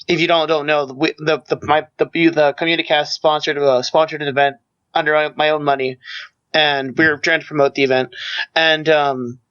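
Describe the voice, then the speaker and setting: A man telling a story in casual podcast chat, talking fast and tripping over restarts. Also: a little high, little pitch movement, a bit bright, smooth. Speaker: podcast co-host. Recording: dull lo-fi mic.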